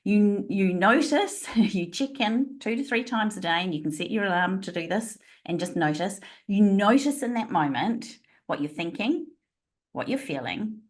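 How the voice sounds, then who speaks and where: A woman guest on a podcast interview speaks over a remote call at a middle pitch. She tells her stories expressively and laughs often as she explains. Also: measured pace. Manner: expressive storytelling with frequent laughs. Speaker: guest, leadership trainer.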